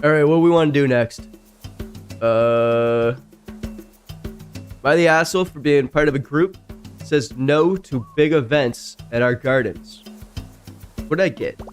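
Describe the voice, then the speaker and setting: Chatty man streamer reading stories. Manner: chatty, reacts loudly and jumps high in pitch. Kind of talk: reading online stories aloud with casual reactions.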